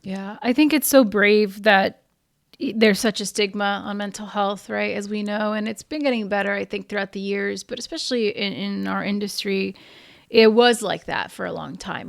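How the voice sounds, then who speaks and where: Gravelly-voiced affirming woman host. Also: medium pitch, steady tone, moderate pace. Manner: affirming, reflective. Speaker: podcast host. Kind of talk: supportive interview conversation.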